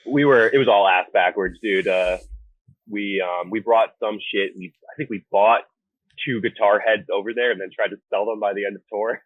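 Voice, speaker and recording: Young American guy, band singer type: low, husky, blunt and sweary, easygoing storyteller, heard over a thin phone-like line. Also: normal speed, no room sound. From United States. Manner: blunt, profane, laid-back storytelling. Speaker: band vocalist, guest. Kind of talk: casual interview chat. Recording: phone-like remote call audio.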